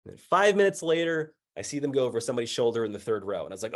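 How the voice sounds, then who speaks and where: A man telling a personal story as a speaker, animated and acting out the other people's lines with voices, and laughing as he goes. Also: medium pitch, racing. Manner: animated, acts out dialogue with voices.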